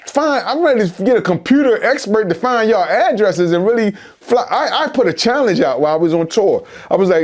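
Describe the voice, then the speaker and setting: Philly rapper guy telling a wild story, high voice, swings all over, lots of restarts. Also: fairly quick, few pauses. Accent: Philadelphia. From Philadelphia. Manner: animated, acts out quotes in shifting voices, many restarts. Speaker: rapper guest. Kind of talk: animated storytelling interview.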